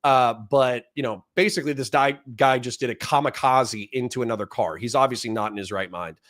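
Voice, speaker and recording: Animated man telling a war story. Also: mid-range voice. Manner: animated storyteller who shouts out quoted lines. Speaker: podcast host, former police officer. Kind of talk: casual storytelling.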